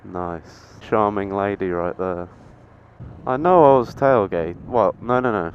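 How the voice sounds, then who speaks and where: On a motorbike in town traffic, a nineteen-year-old motovlogger gives slow-paced, casual commentary to the camera in a lowish voice. He swears freely, jokes at his own expense and suddenly yelps with excitement. The helmet-mounted action camera's dull lo-fi sound is dominated by loud wind, traffic and engine noise.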